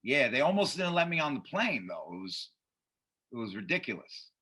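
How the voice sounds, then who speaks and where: Animated, profane male storyteller. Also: mid-range voice, normal speed, breathy edge. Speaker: podcast guest, comedian. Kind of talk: casual storytelling.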